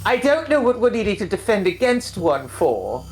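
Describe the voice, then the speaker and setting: A woman's voice: medium pitch, big pitch swings, moderate pace, a little mellow, faint music behind. A woman chatting on a gaming stream in a theatrical way, calling people darling. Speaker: stream guest. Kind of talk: casual chat.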